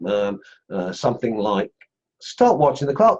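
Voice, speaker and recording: Man, middle-aged, husky, lowish voice, rambling live stream host, muffled audio. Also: very animated, a little slow, a little mellow. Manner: rambling, many fillers and restarts. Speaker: host of a wood carving group live stream. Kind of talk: casual live stream chat.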